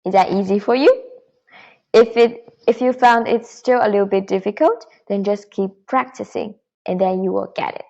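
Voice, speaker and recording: A woman teaching a beginner Mandarin lesson, patiently and clearly demonstrating tones. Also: mid-range voice, moderate pace, darkish tone, lo-fi sound.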